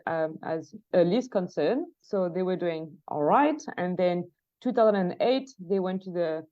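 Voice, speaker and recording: A woman's voice: medium pitch, a little mellow, lo-fi sound. A woman from France with a French accent, speaking as a guest researcher in a podcast interview, with many fillers and restarts and easy laughter.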